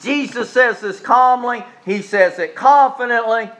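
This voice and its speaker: A man, preaching a sermon in a folksy, joking way and slowing down to repeat his key points with emphasis. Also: very high voice, a bit bright, rough recording. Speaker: pastor.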